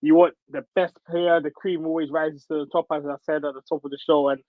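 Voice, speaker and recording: A man appearing as a podcast guest, chatting casually and in a relaxed way about basketball. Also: fairly high pitch, brisk, no room sound. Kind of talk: casual sports chat. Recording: dull, dry sound.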